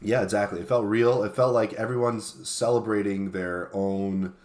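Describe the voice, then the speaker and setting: A man co-hosting a casual chat, easygoing and quick to laugh. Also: fairly low pitch, fairly even intonation, a little mellow. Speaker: co-host.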